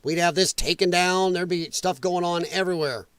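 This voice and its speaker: A man with a high voice hosts a reaction commentary show, ranting angrily and repeating his points for emphasis. The sound is dry with no room around it. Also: moderate pace, a bit bright, clear, resonant tone, no echo. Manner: emphatic, repetitive, angry ranting.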